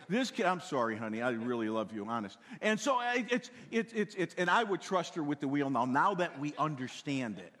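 An older man preaching a sermon in a folksy way, repeating words and swinging from loud to hushed. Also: sits high, in a large hall. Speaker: pastor.

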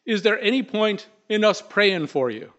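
A man voicing a fretful, excitable fellow who fires off urgent questions, in a dull lo-fi recording. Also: sits high, pitched above the performer's own voice. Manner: urgent, rapid-fire questioning.

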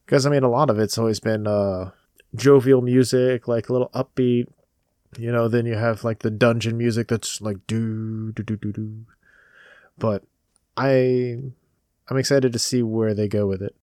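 A man's voice: medium pitch, fairly even intonation, normal speed, mellow, dry recording, studio quality. Eager man chatting about games. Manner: eager fan, chatty storyteller. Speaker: podcast co-host. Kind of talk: casual chat about video games.

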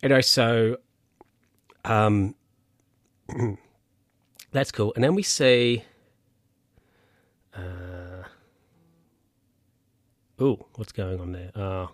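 A man's voice: on the low side, very slow, long pauses, no echo. A man casually recapping a film's plot, rambling, with lots of fillers and self-corrections. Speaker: film recap host.

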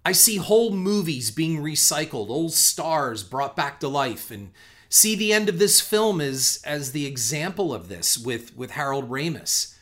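A man's voice: a little high, a bit bright. A middle-aged man giving a reflective, conversational film commentary, earnest in tone, who often restarts on repeated words and swears casually.

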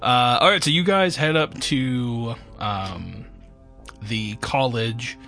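A man running a tabletop game as game master, rambling and filling pauses with ums. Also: mid-range voice, bright, forceful tone, soft background music. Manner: rambling, many fillers.

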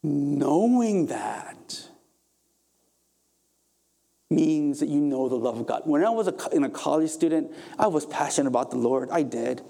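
A young adult man delivers a sermon with real fervor, his mellow, warm voice pitched a little high. He builds to emphatic peaks and then pulls back into quieter, gentler stretches. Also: lively intonation, unhurried, gravelly. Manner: impassioned preaching, rising to emphatic peaks then dropping soft. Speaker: pastor.

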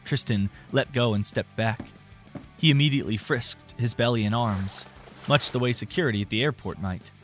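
A man narrating an audiobook in a relaxed, reflective storytelling manner. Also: medium pitch, moderate pace, faint music behind.

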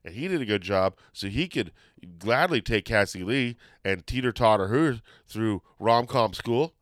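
A man hosting a podcast in casual chat, rambling and excitable, often losing his train of thought. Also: on the low side, moderate pace, no echo. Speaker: podcast host.

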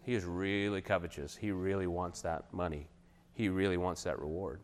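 A man preaching a sermon, retelling a Bible story and acting out the figures' lines with a raised, animated voice. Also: sits low, moderate pace, slight background noise.

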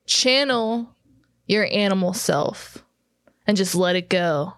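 A woman's voice: mid-range voice, expressive, slow, a bit bright, no echo. A woman playing a tabletop role-play game, speaking in a laid-back, coaxing way. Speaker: player.

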